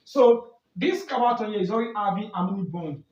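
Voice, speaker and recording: A high-pitched man teaches a lesson, asking a question and answering it himself, then checking "do you get that?" He sounds far from the mic, in an echoey room, with a dull, muffled tone. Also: expressive, fast talker, a little mellow. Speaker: chemistry tutor. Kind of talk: exam-prep lesson at a board.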